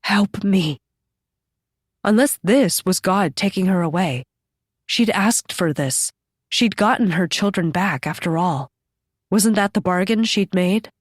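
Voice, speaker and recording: A woman reading a horror novel aloud in steady, measured scripted narration on a close microphone. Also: fairly low pitch, no room sound. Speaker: audiobook narrator.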